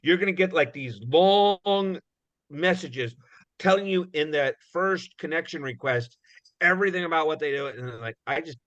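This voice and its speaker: A man's voice: on the high side, moderate pace, pushed and bright, no echo. A man giving a casual, rambling talk on recruiting, full of "you know" fillers, acting out little dialogues. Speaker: guest speaker on recruiting. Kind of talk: conversational presentation. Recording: dull, muffled audio.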